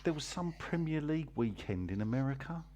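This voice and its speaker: A man's voice: mid-range voice, expressive, a little fast, warm tone. A man hosting a casual football podcast, reading listener messages with dry banter.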